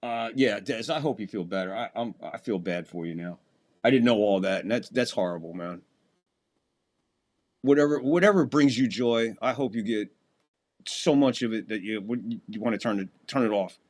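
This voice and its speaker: This host has a voice on the low side, a darkish tone, and a moderate pace as he calls a football game live for fans. Casual and chatty, he talks to viewers between plays, and his voice jumps up when big plays happen.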